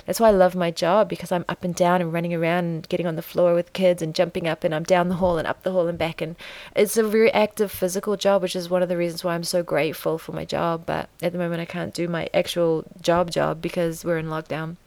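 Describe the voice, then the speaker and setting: Woman, weary vlogger, chatty and self-mocking, slightly low voice, dead-dry recording. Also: level tone, quick pace, a little mellow, dry recording. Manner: rambling, self-deprecating, acts out conversations. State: tired, burnt out. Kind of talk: casual vlog monologue.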